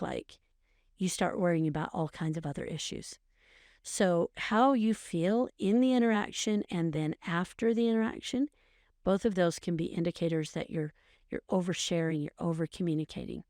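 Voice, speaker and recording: A woman's voice: on the low side, normal speed, a little mellow, no room sound, studio quality. A middle-aged woman co-hosting a podcast, giving earnest, coaching advice in a casual chat and repeating phrases for emphasis. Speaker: podcast co-host, mother.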